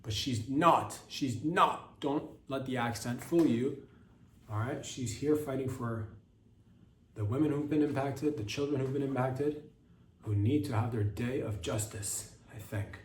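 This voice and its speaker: A man's voice: medium pitch, measured pace, distant mic. A man hosting a comedy podcast, delivering a crude, sarcastic, mock-indignant monologue full of profanity. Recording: echoey room with faint noise.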